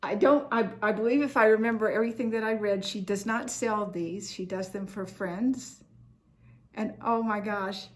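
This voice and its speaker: A woman's voice: mid-range voice, normal speed. A woman hosting a cross-stitch vlog, chatting in an effusive, heartfelt way about gifts she received. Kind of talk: casual chat showing happy mail.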